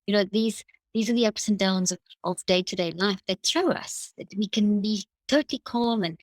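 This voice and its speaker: A woman's voice: mid-range voice, normal speed, dry recording, low-quality recording. A woman, a neuroscientist guest in an interview, explaining at length and acting out inner self-talk in quoted lines.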